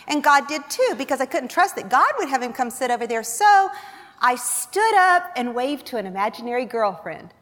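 A woman giving a humorous testimony sermon to a Christian women's gathering, telling her story in a lively, self-mocking way. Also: sits high, normal speed. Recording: long reverb of a large hall.

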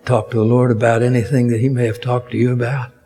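A man preaching a sermon slowly and deliberately, rising to emphatic peaks on key words. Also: medium pitch, little pitch movement, dark tone, slight background noise.

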